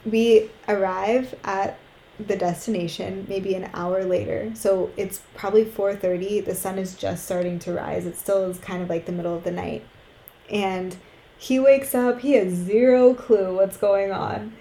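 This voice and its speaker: A woman's voice: medium pitch, steady tone, a little slow, warm tone, echoey room, a little hiss or hum, rough recording. A young woman co-hosting a podcast. She tells a personal story in casual chat, swears freely and acts out what people said. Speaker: podcast co-host.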